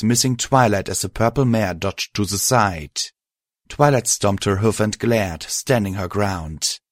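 Male storybook narrator, deep-ish voice, dry close sound. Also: dry recording.

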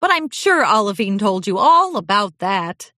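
A woman's voice: medium pitch, big pitch swings, normal speed, bright, forceful tone, no echo, studio quality. A woman voicing a cheerful, talkative young mare in a storybook reading, with a bubbly, eager manner. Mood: friendly.

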